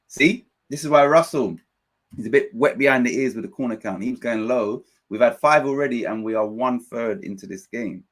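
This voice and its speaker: A man with a medium-pitched voice hosts a live football watchalong, excitedly commenting on the play and chatting as he reads out viewers' messages.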